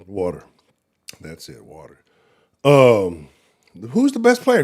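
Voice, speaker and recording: A man's voice: medium pitch, extremely slow, pauses often. Profane, ranting man hosting a sports show. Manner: profane, animated, trash-talking rants. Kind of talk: casual livestream sports commentary.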